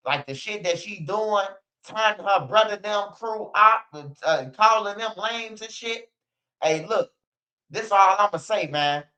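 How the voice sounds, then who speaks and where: A man's voice: high-pitched, fairly bright tone, muffled recording. A man ranting bluntly in casual street slang, repeating himself and swearing often. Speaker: streamer.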